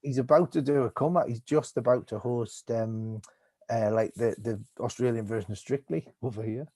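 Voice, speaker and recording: Man, comedian guest, mellow dark tone, rambling, animated, video call. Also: medium pitch, normal speed, dry recording. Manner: rambling, animated storyteller acting out voices. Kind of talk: casual conversation.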